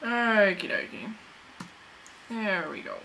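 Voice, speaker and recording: Slow-talking, bright-voiced woman gamer. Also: mid-range voice, sing-song, vocal fry, slight background noise, poor audio. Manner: goofy, chatty, talks to the game and viewers. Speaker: gaming channel host. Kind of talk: let's play commentary.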